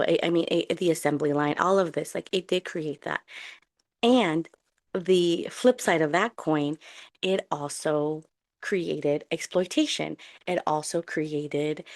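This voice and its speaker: Low-voiced woman podcasting casually. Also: dry recording, clean studio sound. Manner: rambling, self-correcting, candid. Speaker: podcast host. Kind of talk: casual solo podcast talk. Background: dog on her lap.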